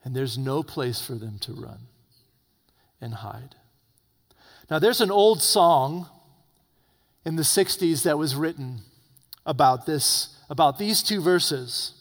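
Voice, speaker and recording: A man preaching an evening sermon, swinging between loud urgent peaks and low hushed warnings. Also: lively intonation, slow pace, pauses often. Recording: long reverb of a hall.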